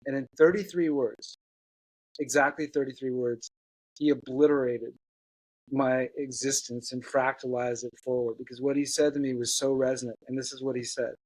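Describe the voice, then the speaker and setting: As an interview guest, an earnest man shares a personal story at a middle pitch, halting and restarting frequently. His tone is steady and a little mellow, and the recording is dry and close with no room echo.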